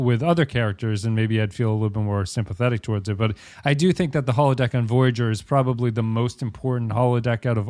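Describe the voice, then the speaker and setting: In a clean studio recording with no room sound, a man with a medium-pitched, darkish voice co-hosts a podcast. His casual talk meanders with frequent restarts, and he laughs easily.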